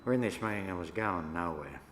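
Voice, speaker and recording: Deep-voiced Australian elder in an echoey hall. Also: male voice, quick pace. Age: older. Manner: relaxed yarning, laughs between stories. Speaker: First Nations elder speaker. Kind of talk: storytelling talk to an audience. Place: church hall. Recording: echoey hall, faint room noise.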